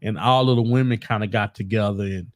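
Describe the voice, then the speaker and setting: A man talking as a guest on a casual political talk show, relaxed and given to repeating his words. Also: lowish voice, fairly quick, no echo, clean studio sound.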